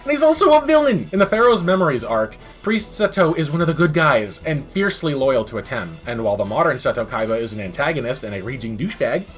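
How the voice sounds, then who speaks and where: A man narrating a comedic game review with a sarcastic edge and a lively pitch that swings wide. He slides into exasperated rants, heard close on a mic with faint music underneath.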